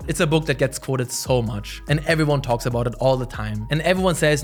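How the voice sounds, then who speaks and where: A young man talks at a rapid clip, bouncing through his favorite books with slangy, animated energy. His delivery is loose and jokey, full of quick asides, over a faint bed of music. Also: mid-range voice. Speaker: vlogger. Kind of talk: casual book recommendation vlog.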